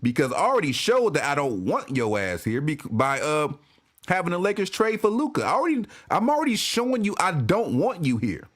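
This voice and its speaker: A man's voice: on the high side, wildly swooping pitch, a little fast, fairly bright tone, heavily acted. A man voicing a scornful, mocking male team owner who talks down to a star player. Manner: dismissive, mocking.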